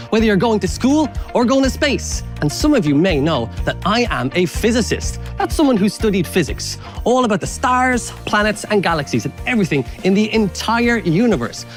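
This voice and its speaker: Irish man, science presenter, playful, very animated, soft music behind. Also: high-pitched. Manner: upbeat, playful, joking instructions. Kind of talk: energetic warm-up exercise class for children.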